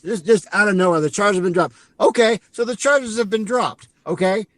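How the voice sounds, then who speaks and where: A man's voice: high voice, fairly bright tone, dry recording. A man co-hosting a podcast, casually recapping a movie in a rambling way and acting out lines as he goes. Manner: rambling, acts out lines with quick asides. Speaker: podcast co-host.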